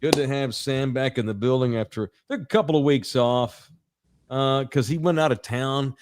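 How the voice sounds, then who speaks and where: A man's voice: mid-range voice, normal speed, a little mellow, smooth. A man in his forties, a podcast co-host, telling a long crude anecdote in a casual, rambling way with plenty of profanity. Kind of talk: casual sports podcast storytelling.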